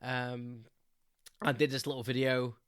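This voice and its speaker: Man, podcast host, casual rambling story, chuckling, medium pitch, dry close mic. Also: little pitch movement, a little slow, clear, resonant tone, no room sound. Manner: rambling, many ums, chuckles often.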